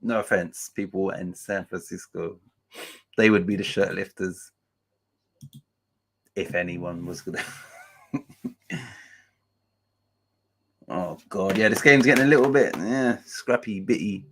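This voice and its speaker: A man's voice: deep voice, slow pace, vocal fry, long pauses, fairly bright tone, husky. A man hosting a casual live match-day stream, chatting loosely, swearing freely and reading out chat messages and scores.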